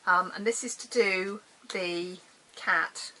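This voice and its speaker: Chatty bright-voiced woman vlogger. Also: mid-range voice, fairly even intonation, slow pace, low-quality recording. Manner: chatty, self-deprecating, trails off and restarts. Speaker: crafting vlogger. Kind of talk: casual chat showing crafts.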